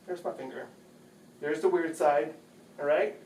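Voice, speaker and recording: A chatty man with a slightly raised pitch walks through a household task step by step, repeating phrases patiently. He is recorded in an echoey bedroom on a mic set some distance away, with faint room noise behind him. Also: steady tone, measured pace, a little mellow. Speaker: home video host. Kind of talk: casual how-to demonstration. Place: bedroom at home.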